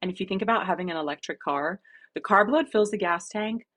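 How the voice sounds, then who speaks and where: A young woman from New Jersey, a guest running coach, talking in a casual podcast conversation in an earnest, animated way and laughing often. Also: mid-range voice, fast talker.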